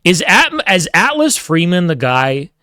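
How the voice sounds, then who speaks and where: A man's voice: sits high, sing-song, a little slow, bright, forceful tone, smooth, no echo, studio quality. A man hosting a livestream, ranting casually with heavy swearing and mock-grandiose taunts. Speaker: livestream host. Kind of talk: casual streaming rant.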